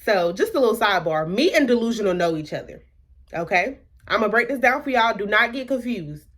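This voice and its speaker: A woman's voice: medium pitch, expressive, brisk, a bit bright. A young woman from the American South telling a dramatic personal story in a casual vlog, full of rhetorical questions and quoted dialogue. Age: young adult. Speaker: vlogger.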